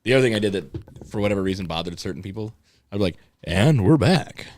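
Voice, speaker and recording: A man's voice: low-pitched, rapid-fire, slight background noise. A man hosting a casual podcast, telling crude stories with lots of swearing and laughter. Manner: profane, laughs often, storytelling.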